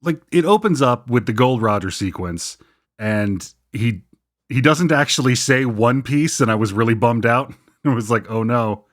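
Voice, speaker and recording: A man co-hosting a casual podcast, jokey and expressive, swearing freely. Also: mid-range voice, moderate pace. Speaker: podcast co-host.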